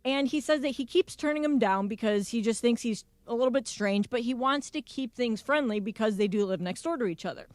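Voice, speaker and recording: A woman's voice: on the high side, fairly quick, hardly any pauses, dry recording. A woman co-hosting a sports radio talk show, chatty as she relays a listener's story.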